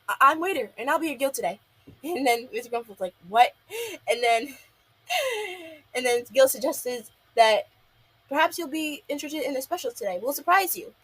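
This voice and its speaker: Young adult female reviewer, husky voice pitched a bit high, casual rambling delivery. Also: a bit bright, low-quality recording. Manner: rambling recap full of "um" and "and then". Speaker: episode reviewer.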